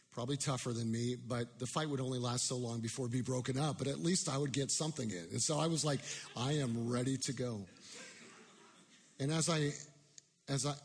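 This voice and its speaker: A man's voice: medium pitch, husky, long reverb tail. A man preaching a sermon, telling a personal story in a self-deprecating way with many restarts.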